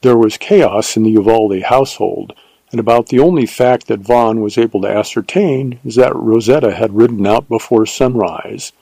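A man narrating a western novel as an audiobook, in a measured, steady way. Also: medium pitch, gravelly, slightly rough, no echo, poor audio.

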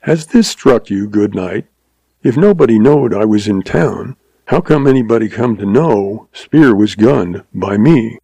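A man's voice: on the low side, lively intonation, measured pace, gravelly, mellow, breathy edge, no echo, heavily acted, rough recording. A man voicing a cool, tart young cowboy who speaks in a dry, casual western drawl. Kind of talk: audiobook character voice.

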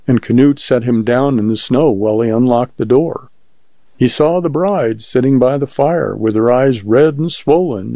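Gravelly man narrating a story. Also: medium pitch, mellow, no echo. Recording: muffled lo-fi recording.

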